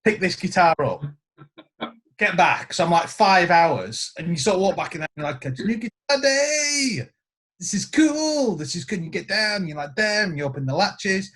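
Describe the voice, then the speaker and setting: A man's voice: on the high side, moderate pace. A man, a guest guitarist, telling stories in casual podcast chat and acting out the quotes. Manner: animated storyteller acting out quotes.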